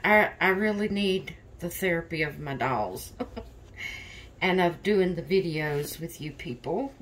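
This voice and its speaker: Slow-talking tired woman vlogger. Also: on the low side, lively intonation, fairly bright tone, a little hiss or hum. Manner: slow, rambling, open about stress. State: tired and yawning. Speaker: reborn doll channel host. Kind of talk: casual vlog chat.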